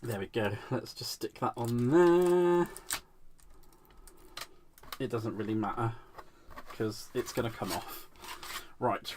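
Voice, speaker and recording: A man's voice: medium pitch, a little hiss or hum. A man hosting a live crafting demo. He is giggly and playful, mocks himself and answers viewers' comments as he works. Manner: giggly, playful, self-mocking, reacts to chat comments. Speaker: crafting livestream host.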